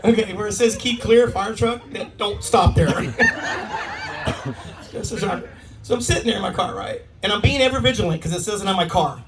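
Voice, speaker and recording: A man in his forties telling brash, profane stand-up stories in an animated way. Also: high-pitched, a little fast, pauses often, very noisy. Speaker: stand-up comedian. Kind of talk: stand-up storytelling. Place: live comedy venue. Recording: distant mic with a crowd, comedy club.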